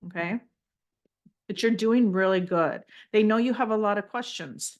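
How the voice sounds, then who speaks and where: A woman leading a guided healing session, speaking gently and reassuringly, calling the listener honey and checking in with "okay?" often. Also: mid-range voice, expressive, unhurried, long pauses. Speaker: spiritual energy healer.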